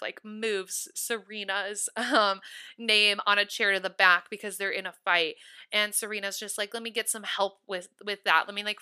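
Chatty twenty-something girl podcasting solo, super bright crisp voice, says like a lot. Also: mid-range voice. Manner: chatty, upbeat, lots of "like" fillers. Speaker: podcast host. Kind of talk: casual solo podcast talk.

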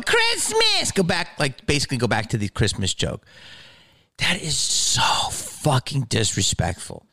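A man's voice: medium pitch, fairly bright tone. A comedian talking casually about his own stage outburst, heated, rambling and profane. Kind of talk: reflective casual talk.

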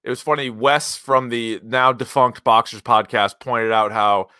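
A man's voice: mid-range voice, steady tone, a little slow, pushed and bright, smooth, no room sound, studio quality. A man hosting a podcast, chatting loosely about movies with plenty of fillers and emphatic asides. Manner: rambling, filler-heavy, emphatic. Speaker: podcast host reviewing movies. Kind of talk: casual chat.

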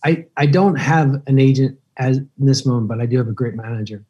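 A man in his fifties, an actor guest on a podcast, telling relaxed, rambling stories and laughing easily. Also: medium pitch, fairly quick, husky, lo-fi sound. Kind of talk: casual podcast interview.

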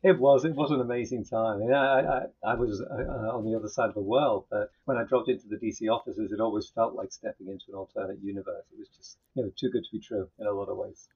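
A man answering interview questions in a measured, thoughtful way, with some hesitation. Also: on the low side, fairly even intonation, husky, dull audio. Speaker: comic book writer guest.

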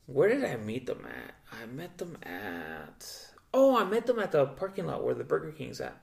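A young man co-hosting a podcast, telling a loose, profane story and acting out the people in it with big jumps in pitch. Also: huge pitch swings, normal speed, vocal fry. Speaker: podcast co-host. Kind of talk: casual storytelling chat.

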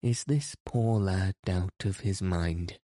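A man reading the lines of a kind, gentle elderly grandmother in an audiobook, speaking earnestly. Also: low-pitched, takes it slowly, no echo, studio quality. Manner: kindly, earnest.

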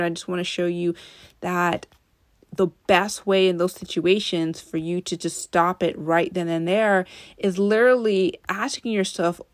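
Woman podcast host, low-pitched, earnest and conversational, talking straight to listeners, dry close mic. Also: dry recording. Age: adult. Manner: earnest, speaks directly to listeners. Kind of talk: self-help podcast monologue.

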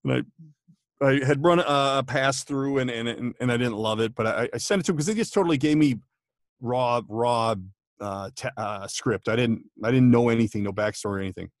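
Casting: talkative voiceover man, mid-pitched, dry close mic, lots of restarts and laughs. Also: brisk, dry recording. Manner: chatty, laughing storyteller with many restarts. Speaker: podcast guest, voice actor. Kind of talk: casual chat. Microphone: home studio microphone.

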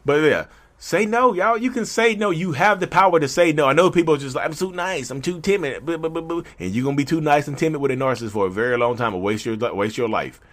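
A man talking straight to camera about saying no, animated and preachy, in slangy talk that keeps jumping into little acted-out skits. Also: fairly high pitch, fast talker. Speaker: mental health vlogger. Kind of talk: casual direct-to-camera monologue.

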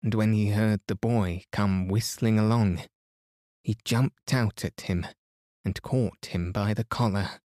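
Reading a bedtime story for his podcast, a man speaks very slowly in a lowish, calm, soothing voice. The sound is close and dry, free of room sound and echo.

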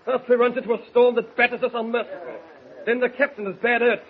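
An actor playing a rough sailor leading a mutiny, with gruff, bullying commands in a 1940s radio drama, on a noisy lo-fi old transcription. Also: male voice, very high voice, fairly even intonation, quick pace. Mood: scheming. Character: menacing Cockney mutineer ringleader, rough sailor.

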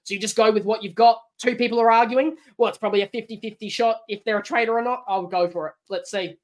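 A woman's voice: a little high, fast. A woman with an Australian accent, a guest on a podcast, arguing her view in casual chat and acting out quotes. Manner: animated, argumentative, acts out quotes. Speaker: podcast guest, former contestant.

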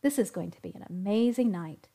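A woman reading a story aloud, voicing an excited, eager young woman who gushes. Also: mid-range voice, fairly quick, creaky, husky. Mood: gleeful. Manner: gushing, eager.

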